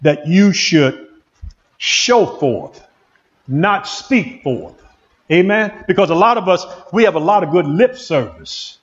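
A male pastor preaching a sermon in an excitable call-and-response manner, in a church. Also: high-pitched, slow pace, muffled recording.

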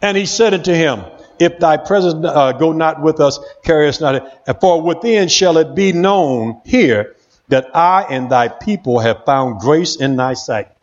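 Excitable high-voiced male preacher. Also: unhurried, lo-fi sound. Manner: excitable, call-and-response preaching. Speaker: pastor. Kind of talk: sermon. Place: church.

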